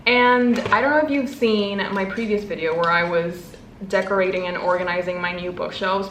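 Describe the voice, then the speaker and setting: A woman in her twenties, a book vlogger, gushing and gasping with excitement as she unboxes gifts. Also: mid-range voice, reverberant, a little hiss or hum.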